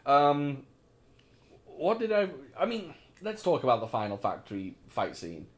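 A man's voice: a little high, huge pitch swings, a little slow. A man co-hosting a casual film podcast, chatty and opinionated, swearing now and then. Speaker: podcast co-host.

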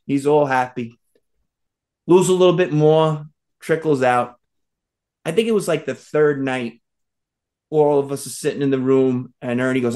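A man telling a story in a casual chat, animated, acting out quotes and laughing often. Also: mid-range voice, normal speed, pauses often.

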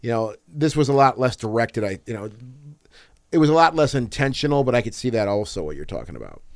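A man's voice: medium pitch, very animated, fast, no echo, clean studio sound. A man co-hosting a podcast, chatting casually about films, rambling with restarts and jokey grumbling. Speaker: podcast co-host. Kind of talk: casual movie chat.

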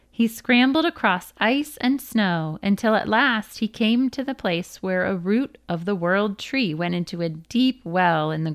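A woman's voice: mid-range voice, dry recording, studio quality. A woman reading a children's book aloud, careful with her words and stopping to spell out hard names. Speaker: storyteller.

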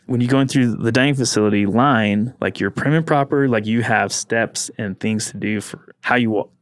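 A man co-hosting a podcast, telling a story in a casual, animated way and laughing often. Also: medium pitch, moderate pace, no room sound, clean studio sound. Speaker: podcast co-host.

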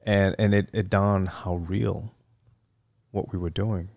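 A very deep, gravelly middle-aged man recounts his service years in a relaxed interview. He wanders through each story with ums, uhs and restarts. The sound is close and dry. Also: slow, dry recording. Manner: rambling, many fillers and restarts. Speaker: guest, retired Marine officer.

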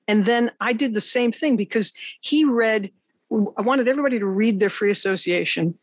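A woman hosting an interview, a songwriter and teacher, telling animated, rambling stories in casual chat. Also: medium pitch, moderate pace, slightly rough, no echo.

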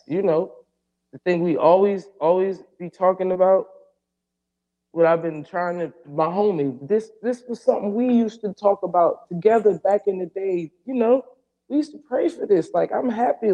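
A man hosting a podcast, telling a story in a casual, profane and animated way and acting out the dialogue. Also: sits high, moderate pace, creaky, pauses often, dull audio. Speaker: podcast host.

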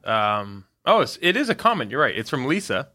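A man's voice: mid-range voice, very animated, brisk, sharp tone, no room sound, clean studio sound. A man co-hosting a casual podcast, joking around and reading listener messages aloud with wry asides. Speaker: co-host answering player questions. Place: Canada.

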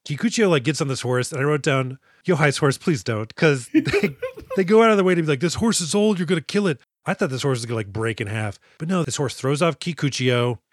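Animated man recapping a film, dry sound. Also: medium pitch, fairly quick, no room sound. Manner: animated, swearing, acts out characters in quotes. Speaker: podcast co-host. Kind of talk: casual movie-review chat.

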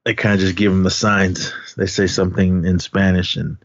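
On a podcast, a male co-host casually recaps a film's scenes, quoting the characters in pitched-up voices and laughing often. His tone stays level and his pace moderate. The recording is dry and sounds dull.

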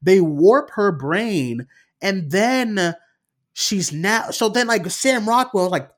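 Young guy ranting about a movie, voice jumps all over, kinda high, swears a lot. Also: a little slow. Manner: animated storytelling, swears freely, acts out his own reactions. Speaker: film review podcast co-host. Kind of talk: casual chat.

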